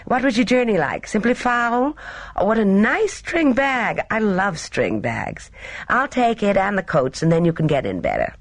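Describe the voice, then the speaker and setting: A woman's voice: mid-range voice, big pitch swings, normal speed, dry recording, pitched above the performer's own voice. A woman voicing a breezy, gushing young woman in a storybook reading.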